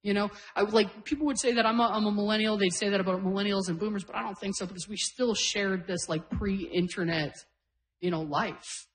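A woman in her forties from Canada works the crowd in a stand-up set. She tells brash, self-deprecating stories about her family and growing up, pitched at an ordinary middle height. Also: fairly even intonation, fairly quick, poor audio. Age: 40s. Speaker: stand-up comedian. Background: audience laughter.

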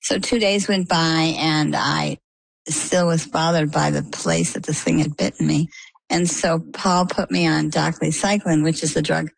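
A woman's voice: low-pitched, measured pace, vocal fry, breathy edge, dry recording, low-quality recording. A middle-aged woman from Maine being interviewed, telling a personal story and acting out what people said to her. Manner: animated storyteller, acts out quoted dialogue. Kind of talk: conversational storytelling.

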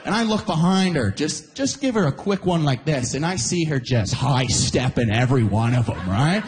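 Animated stand-up comic, higher-pitched man. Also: moderate pace. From Canada. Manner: animated storytelling, voices quoted characters at a high shout. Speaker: stand-up comedian. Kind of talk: stand-up comedy set.

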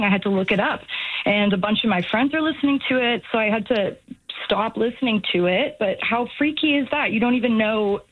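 A woman's voice: fairly high pitch, rough recording. A woman calling in to a radio talk show, speaking earnestly with frequent restarts. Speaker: caller. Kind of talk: radio call-in chat.

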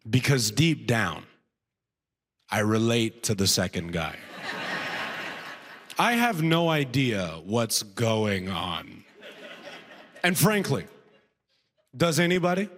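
A man's voice: medium pitch, sing-song, moderate pace, fairly bright tone. A man performing a stand-up comedy routine, telling a story with lots of "right?" asides.

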